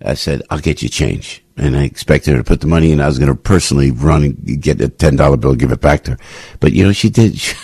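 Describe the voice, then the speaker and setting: An older man hosting a radio talk show, telling anecdotes in an emphatic, repetitive, rambling way with sudden swings in pitch. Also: fast, gravelly, darkish tone, breathy edge, no room sound, studio quality. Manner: emphatic, repetitive, restarts often. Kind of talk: rambling opinion monologue with anecdotes.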